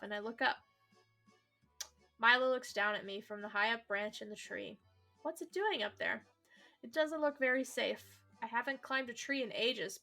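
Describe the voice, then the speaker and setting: Bright-voiced woman reading a visual novel. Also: a little high, gravelly. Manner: chatty, swears casually, laughs at herself. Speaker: let's play streamer.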